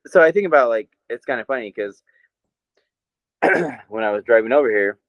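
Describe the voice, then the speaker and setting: A man's voice: medium pitch, expressive, brisk, no echo, lo-fi sound. A man with an American accent, co-hosting a podcast in casual, rambling, profane chat with frequent laughter. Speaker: podcast co-host.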